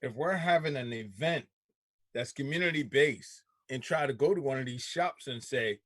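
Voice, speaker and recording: A man's voice: medium pitch, moderate pace, fairly bright tone, dry recording. A man co-hosting a casual group talk show, speaking emphatically and repeating himself for stress.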